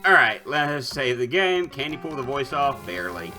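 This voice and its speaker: A man's voice: medium pitch, very animated, moderate pace, bright, forceful tone, faint music behind. A man streaming a retro game, casually commenting, joking, and reading the game's text aloud. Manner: playful, joking asides, typing commands aloud.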